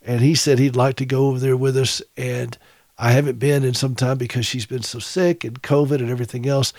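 A man's voice: mid-range voice, little pitch movement, brisk, darkish tone, no echo. Folksy middle-aged male radio host. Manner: folksy, chuckling storyteller. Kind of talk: casual monologue, storytelling.

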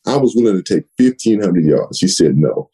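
Older man, low gravelly voice, retired athlete swapping stories in an interview. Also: fairly quick, low-quality recording. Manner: animated storyteller, repeats words, acts out quoted dialogue. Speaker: retired running back, interview guest. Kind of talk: conversational storytelling. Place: home office.

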